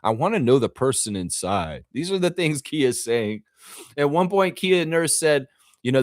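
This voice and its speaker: A man's voice: medium pitch, moderate pace, no room sound, clean studio sound. A man hosting a live fan reaction stream, talking casually and animatedly and acting out quotes, with the odd swear word. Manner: animated, chatty, acts out quotes. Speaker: fan channel host.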